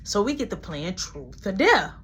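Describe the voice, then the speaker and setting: A woman's voice: medium pitch, normal speed, a little hiss or hum. A woman telling a story casually and with energy, sometimes dropping to a whisper, in a slangy way. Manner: animated, drops to whispers, slangy retelling. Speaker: vlogger.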